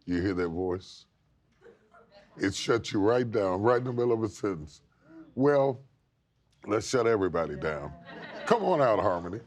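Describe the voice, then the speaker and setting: A man hosting a TV talk show interview, speaking expressively and emphatically with sweeping pitch. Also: animated, normal speed, pauses often. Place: TV studio with live audience. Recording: studio audience noise.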